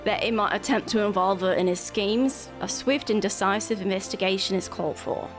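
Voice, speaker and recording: A woman's voice: medium pitch, fairly quick, music in the background, lightly acted. A woman voicing a smug, scheming male guildmaster in a game, with a put-on accent and a grand, formal delivery.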